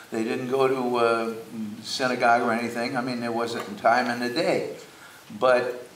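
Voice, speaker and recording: An older man telling stories slowly on stage, with many hesitations. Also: mid-range voice, a bit bright, distant mic, slight background noise. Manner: slow, anecdotal, hesitant. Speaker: guest speaker. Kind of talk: on-stage conversation. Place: theater stage before an audience. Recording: roomy hall, mic from afar.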